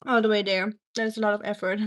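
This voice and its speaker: A woman's voice: mid-range voice, fairly even intonation, brisk. A woman from Germany with a German accent, chatting casually on a cooking live stream and reading viewer comments aloud.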